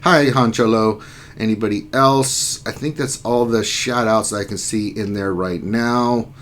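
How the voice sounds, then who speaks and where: A man's voice: fairly low pitch, steady tone, unhurried, fairly bright tone. A man hosting a casual livestream chat, joking around and reading viewer comments aloud. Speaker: livestream host.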